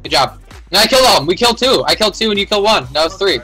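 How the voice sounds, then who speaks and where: A young man commenting on his own game, excitable and profane, yelling in panic and trash-talking other players. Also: high-pitched, racing. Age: young adult. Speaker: gamer streaming a battle royale match. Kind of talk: casual gameplay commentary. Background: background music.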